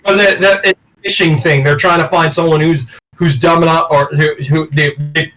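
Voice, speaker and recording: Bright, blunt, swearing man telling a story. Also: on the high side, fairly even intonation, moderate pace, rough recording. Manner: blunt and swearing, tells stories with laughs. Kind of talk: casual chat.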